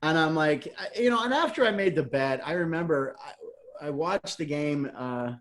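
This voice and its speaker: Middle-aged guy telling funny stories, kinda high voice, acts out the quotes, laughs a lot. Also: moderate pace. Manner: animated storyteller, acts out quotes, laughs often. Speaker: guest, comedian and game show host. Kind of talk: casual interview storytelling.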